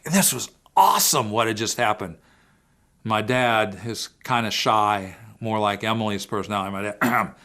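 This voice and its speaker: A man's voice: medium pitch, a bit bright. Earnest man telling a family story. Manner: earnest storyteller who acts out quoted voices. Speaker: seminar speaker. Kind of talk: storytelling family seminar talk.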